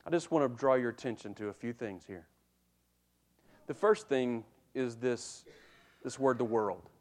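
A man preaching a sermon to a congregation, emphatic and addressing them directly, dropping to a hush and then rising loud, repeating words as he builds a point. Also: medium pitch, a little slow. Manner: emphatic, swinging from hushed to loud.

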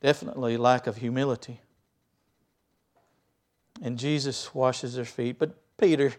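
A man preaching a sermon as pastor, telling the story vividly and swinging between loud stresses and quiet asides. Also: medium pitch, steady tone, unhurried, pauses often.

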